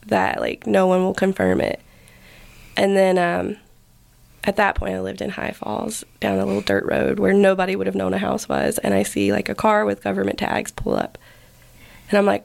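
A woman's voice: mid-range voice, gravelly. A woman, a podcast guest, telling a personal story in a casual, filler-heavy way and acting out the lines of the people in it. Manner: casual, filler-heavy, acts out quoted speech.

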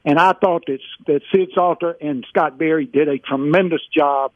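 A man calling in to a radio show, talking in a folksy, preacherly way with drawn-out emphatic phrasing over a phone line. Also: fairly high pitch, no echo. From Mississippi. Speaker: caller. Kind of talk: casual radio call-in chat. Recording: phone-line call, dry.

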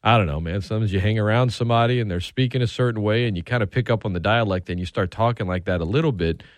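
A man's voice: lowish voice, fast, no echo. A man hosting a sports radio show, talking casually and chattily with frequent restarts and asides.

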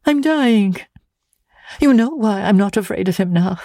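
A woman's voice: medium pitch, expressive, a little slow, mellow, no room sound, studio quality. A woman reading a frail, dying young woman, fearful. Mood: mournful. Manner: fearful, mournful, wandering pleading. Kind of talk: audiobook character reading.

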